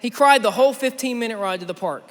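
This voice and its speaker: A young man with a very high voice preaches to a youth crowd, telling a story with energy and calling on the audience directly. The sound carries the long reverb of a large church auditorium. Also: fast. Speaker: youth conference speaker. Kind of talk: sermon.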